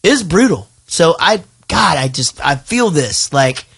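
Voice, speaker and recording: A man's voice: a little high, sing-song, unhurried, creaky, fairly bright tone, slightly rough. A man hosting a podcast in casual chat. He rambles and swears freely. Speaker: podcast host.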